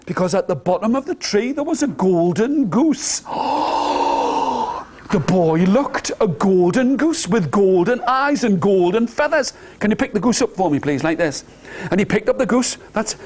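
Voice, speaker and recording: A man telling an interactive story to nursery children, animated and coaxing them to join in. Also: high-pitched. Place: nursery school room.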